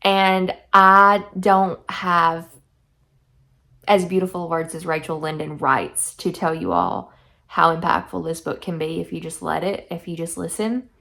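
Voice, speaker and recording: A woman's voice: fairly low pitch, measured pace, creaky, bright, forceful tone. A young woman in a casual book review vlog, chatty and effusive, reading passages aloud. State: teary-eyed. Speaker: book vlogger.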